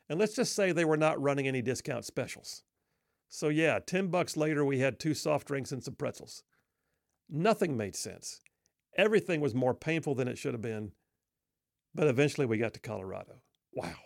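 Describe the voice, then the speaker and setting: A man's voice: on the high side, expressive, normal speed, vocal fry, no echo, studio quality. A middle-aged man telling a humorous personal story in a wry, self-deprecating, folksy way.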